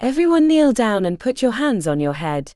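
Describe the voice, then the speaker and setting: A woman's voice: a little high, sing-song, moderate pace, warm tone, dry recording, studio quality. A woman voicing a threatening male raider leader with an Eastern European accent, giving cold orders. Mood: menacing. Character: menacing male lead raider, armed, threatening.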